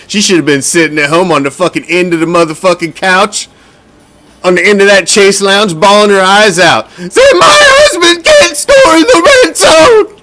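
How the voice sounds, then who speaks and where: A middle-aged man with a fairly high-pitched voice, hosting a fan sports show. He rants heatedly with constant swearing and restless restarts. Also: sharp tone. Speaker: fan podcast host. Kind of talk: profane sports rant.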